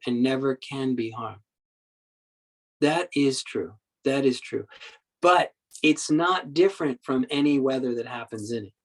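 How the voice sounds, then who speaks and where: A man giving a Buddhist dharma talk as a meditation teacher, telling stories in a halting way with many repeated words and acting out quoted speech. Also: medium pitch, rough recording. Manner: acts out quoted speech in the story.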